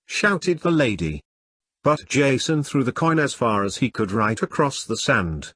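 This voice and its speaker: Brief: male textbook reader, deliberate lesson read-through, lively pitch, dry close sound. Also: dry recording. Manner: slow, deliberate, word-by-word. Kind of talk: reading a school lesson aloud.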